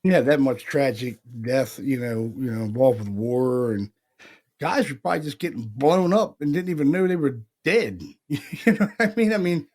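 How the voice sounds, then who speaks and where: A man's voice: mid-range voice, animated, normal speed, darkish tone. A man from Pennsylvania co-hosting a paranormal podcast, telling stories loosely, acting out the voices he heard and swearing casually. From Pennsylvania, USA. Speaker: podcast co-host, paranormal investigator. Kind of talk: casual chat.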